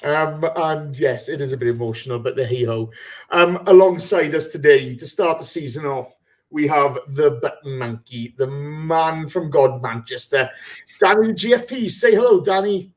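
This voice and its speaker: A man's voice: on the high side, moderate pace, a little mellow. A man hosting a casual football fan podcast, emotional and loose, swearing now and then. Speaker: podcast host.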